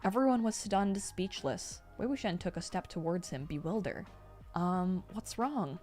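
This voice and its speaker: A young woman streamer reading a novel aloud, steady between excited asides. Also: mid-range voice, moderate pace, soft background music. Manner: reads steadily, breaks off into excited reactions.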